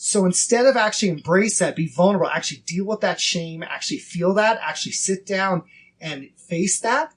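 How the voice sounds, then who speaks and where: A man in his thirties hosting a casual faith podcast, earnest and acting out inner dialogue in quick quoted bits. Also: high voice, animated, slightly rough. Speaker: podcast host.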